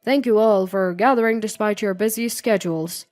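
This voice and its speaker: A woman's voice: mid-range voice, moderate pace, darkish tone, no room sound, natural voice. A formal male vice president running a meeting in an orderly, businesslike way, as a woman reads him. Dry, close voice with faint music under it.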